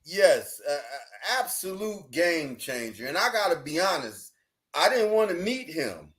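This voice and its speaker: A man, a podcast guest, telling a personal story in an animated, lively way, often laughing. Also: a little high, a little slow. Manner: lively, laughing, acts out dialogue in his story.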